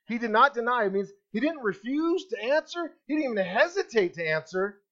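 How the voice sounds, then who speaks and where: A man's voice: sits high, fairly bright tone, lo-fi sound. A man preaching a sermon as pastor, emphatic, asking the congregation rhetorical questions.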